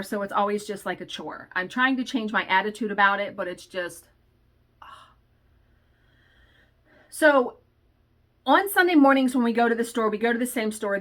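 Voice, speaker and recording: A woman talks through a story from her weekend in a relaxed vlog chat. She is blunt and swears freely, sounding exasperated. Her voice is bright and sits a little high. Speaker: stitching vlogger.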